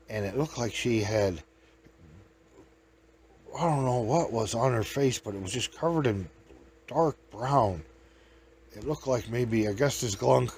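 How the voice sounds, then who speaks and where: A folksy man rambles through comic stories from his travels, chuckling as he goes. His voice sits at an ordinary middle pitch, with a faint hum of room noise behind him. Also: gravelly, darkish tone. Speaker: host.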